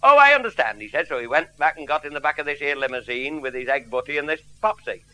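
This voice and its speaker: A man's voice: on the high side, fairly even intonation, fast talker, bright, forceful tone. A middle-aged man telling a comic anecdote in a blunt, earthy, wry manner, heard on a noisy old radio recording. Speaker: storyteller. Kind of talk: comic anecdote before a live audience.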